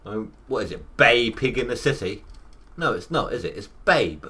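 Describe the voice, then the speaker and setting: A man's voice: mid-range voice, animated, normal speed, bright, forceful tone, husky. A man in his thirties, rambling through casual live gameplay commentary with self-mocking asides. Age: 30s. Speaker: gaming livestreamer.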